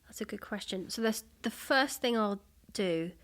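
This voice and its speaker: A woman guest in a conversational interview, talking in a chatty, animated way with many fillers. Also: medium pitch, moderate pace. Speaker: guest voice actor.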